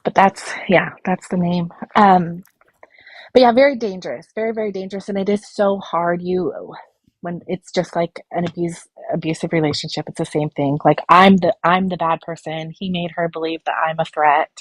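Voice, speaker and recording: A woman's voice: on the low side, steady tone, normal speed, no room sound. A woman speaking as a guest on a live stream, worried and rambling with many fillers. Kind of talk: casual chat.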